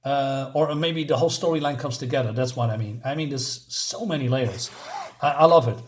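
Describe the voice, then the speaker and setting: A man with a medium-pitched voice reviews a comic book casually. He laughs often and halts with fillers while reading the dialogue aloud.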